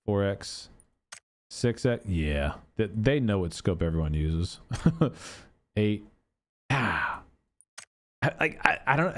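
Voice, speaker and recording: A man giving casual commentary on game cosmetics, with an animated, exasperated, swearing manner. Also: mid-range voice. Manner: animated, exasperated ranting with profanity. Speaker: gaming content creator.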